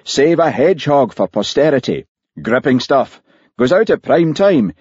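A man voicing a brash, crude male TV producer who talks loudly and crossly. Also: medium pitch, big pitch swings, moderate pace, husky, dry recording, dull audio, pitched above the performer's own voice. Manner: loud, pushy and cross.

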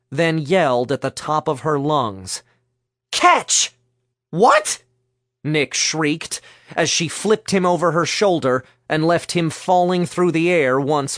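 A man narrating a story in a measured, steady storytelling voice. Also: on the high side, no room sound, studio quality. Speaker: audiobook narrator. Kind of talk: scripted narration.

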